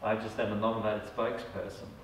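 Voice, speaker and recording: A man's voice: fairly low pitch, level tone, fast, a little hiss or hum. Man teaching in an echoey room from afar. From Australia. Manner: conversational, keeps asking "all right?". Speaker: psychic medium teaching a group. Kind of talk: casual talk to a small group. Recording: echoey room, mic far off.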